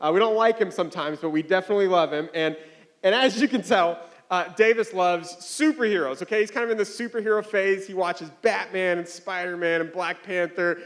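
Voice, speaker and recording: A man in his thirties preaches with a light, high-pitched voice. His delivery is loose and chatty, full of fillers and small laughs, like a pastor telling a story from home. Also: brisk. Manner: casual, conversational, with frequent fillers and chuckles. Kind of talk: sermon with personal story.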